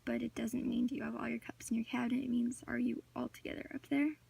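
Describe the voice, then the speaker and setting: A woman's voice: fairly high pitch, little pitch movement, fast, gravelly, darkish tone, breathy edge. A teenage girl giving a class project presentation, reading a prepared talk with occasional filler words. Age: teens. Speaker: student presenter. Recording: voice distant from the mic.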